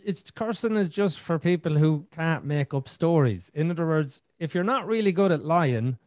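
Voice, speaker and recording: A middle-aged man hosting a podcast in casual conversation, animated and talkative, repeating words and acting out his own thoughts. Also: on the high side, normal speed, dry recording. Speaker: podcast host.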